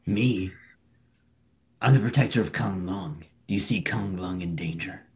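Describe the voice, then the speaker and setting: A man's voice: deep voice, a little slow, darkish tone. A young man playing a tabletop game in an easygoing, playful way. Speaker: player.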